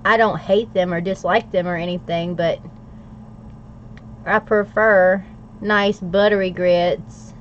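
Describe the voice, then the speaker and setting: A middle-aged woman, chatting casually on a livestream, playful and quick to laugh as she answers viewer comments. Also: fairly low pitch, steady tone, a little hiss or hum. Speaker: livestream host. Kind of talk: casual livestream chat while journaling. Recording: slightly dull lo-fi audio.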